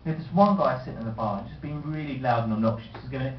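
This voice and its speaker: A man doing a stand-up set, telling stories deadpan and putting on voices. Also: medium pitch, very fast, far from the mic, a little hiss or hum. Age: 20s. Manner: deadpan storytelling with voiced impressions. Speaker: stand-up comedian. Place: comedy club stage. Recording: roomy lo-fi live recording from afar.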